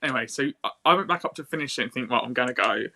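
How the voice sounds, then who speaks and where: Bright-voiced telling a story. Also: male voice, medium pitch, rapid-fire. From England. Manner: animated, swearing, lively quoted dialogue. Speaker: co-host. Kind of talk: casual storytelling on a video call. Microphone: video call.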